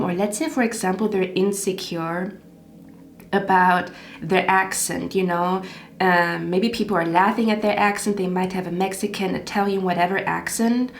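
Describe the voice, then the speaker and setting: A woman's voice: medium pitch, roomy sound. A woman giving a casual tarot reading, chatty and rambling, checking in often with the listener. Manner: chatty, lots of "okay?" and "like". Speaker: tarot reader.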